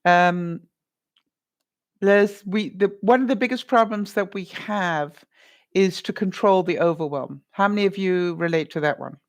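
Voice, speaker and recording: This is a live-stream advice chat from a woman vlogger with a lowish, slightly slow voice. She wanders through her points with asides, calling viewers honey and naming them individually.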